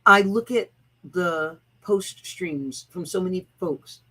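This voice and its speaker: Husky, blunt-talking woman ranting on a livestream. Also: lowish voice, slow, fairly bright tone, low-quality recording. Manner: blunt, profane, emphatic with chanted repetition. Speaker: host of own channel. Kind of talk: livestreamed motivational rant.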